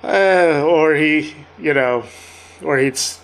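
A man's voice: on the high side, slow pace, a bit bright, slight background noise. A man co-hosting a podcast, talking in a loose, wry and joking casual chat. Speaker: podcast co-host.

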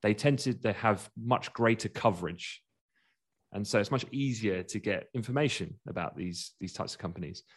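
A man hosting a casual market chat, talking quickly and laughing as he goes. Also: lowish voice, breathy edge. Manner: chatty, laughs while talking, quick asides. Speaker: market commentator.

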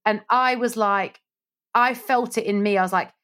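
A woman radio presenter, a guest in an interview, telling stories in a lively chat and acting out the voices of the people she quotes. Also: fairly high pitch, normal speed, smooth. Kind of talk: casual storytelling interview.

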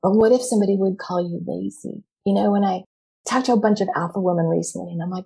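Expressive woman with a husky, mellow voice. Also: medium pitch, fast talker. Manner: candid and expressive, acts out quoted reactions. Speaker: speaker coaching women. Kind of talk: animated motivational talk.

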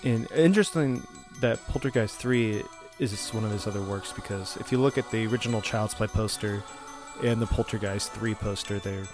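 A man's voice: on the low side, moderate pace, music in the background. A man hosting a podcast in a casual, rambling style, with lots of fillers, restarts and the odd chuckle. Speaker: podcast host.

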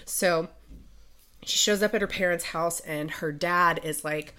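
Her voice runs on the low side and a little slow as she retells a novel on the podcast she co-hosts. In her late twenties, she keeps the book talk casual and brings the plot summary to life by voicing the characters' lines.

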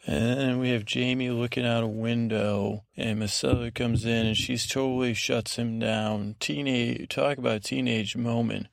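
A man's voice: mid-range voice, steady tone, a little slow, vocal fry, few pauses, no room sound, clean studio sound. A man hosting a podcast meant for falling asleep, meandering through a self-deprecating recap of a show full of fillers. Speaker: podcast host. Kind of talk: rambling bedtime show recap.

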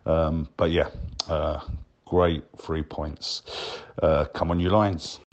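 A deep, low-pitched man rambles through a casual voicemail. He leans on fillers and keeps calling the listener "mate". His talk is loose and chatty. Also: level tone, takes it slowly, lo-fi sound. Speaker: caller leaving a voicemail.

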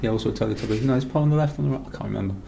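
Chatty english bloke, middle-aged, gravelly voice, rambles and teases, podcast talk. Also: male voice, mid-range voice, rapid-fire, mellow, slight background noise. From England. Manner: rambling storyteller, chatty and teasing. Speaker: podcast host. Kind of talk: casual chat.

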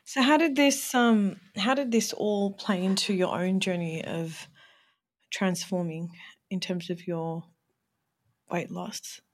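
A woman with an Australian accent hosting a podcast, asking measured, gently probing interview questions. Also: medium pitch. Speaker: podcast host.

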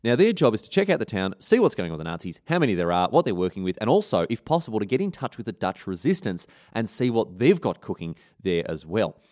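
A man tells history as comedy, with irreverent slang and rambling asides. He races along in a lowish voice with a very lively pitch. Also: quick pace, hardly any pauses. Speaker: podcast host. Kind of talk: comic history storytelling.

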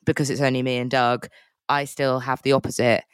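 A woman's voice: a bass voice, fairly quick, clean tone, dry recording, clean studio sound. A woman co-hosting a podcast, chatting casually with wry humour and acting out little anecdotes, recorded remotely. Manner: animated storyteller, wry humour. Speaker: podcast co-host. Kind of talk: casual chat. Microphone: remote recording setup.

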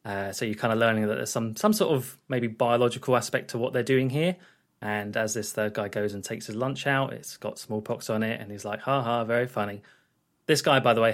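A man's voice: medium pitch, fairly bright tone. A man co-hosting a podcast, casually recapping a film scene by scene in a rambling way, with plenty of fillers and restarts. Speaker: podcast co-host.

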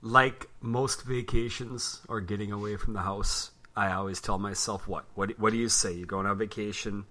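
A man co-hosting a casual podcast, telling animated stories, swearing freely and laughing often. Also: on the low side, normal speed, hardly any pauses. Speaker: podcast co-host.

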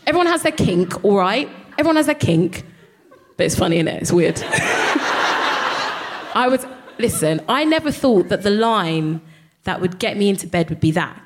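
A young woman performs stand-up at a live venue. She talks in an animated way, laughs often and swears freely as she tells a story. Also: lowish voice. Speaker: comedian.

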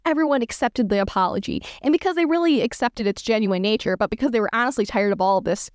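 A woman hosting a podcast, reading fanfiction aloud in a comic, dramatic style with deadpan asides and playful character voices. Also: on the high side, fast talker, no echo, studio quality.

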